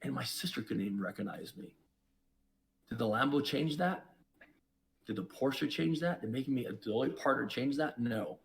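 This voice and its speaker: A man who is a podcast guest, telling his own story in an emphatic, preachy way, with sudden jumps in pitch and loudness. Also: moderate pace, gravelly. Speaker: podcast guest, investor and entrepreneur. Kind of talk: reflective storytelling.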